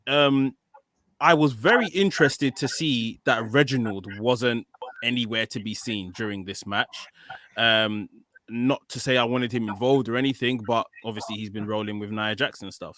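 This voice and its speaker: A man's voice: mid-range voice, pushed and bright. A man co-hosting a wrestling podcast, recapping a match in casual chat with many ums. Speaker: podcast co-host.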